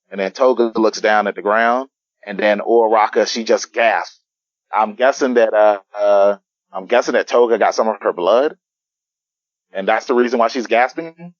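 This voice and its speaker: A man with a low voice talks through a comic chapter in casual podcast chat. He hesitates and restarts often. The sound is dull and lo-fi, and completely dry. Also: no echo. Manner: halting, many fillers and restarts. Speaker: podcast guest.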